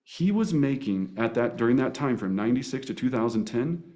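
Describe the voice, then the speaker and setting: A man teaching real estate agents negotiation in a seminar, energetic and animated, often restarting words and tagging "right?" onto his points. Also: mid-range voice, fairly quick. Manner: energetic, animated, with playful voice impressions. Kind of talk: coaching seminar presentation.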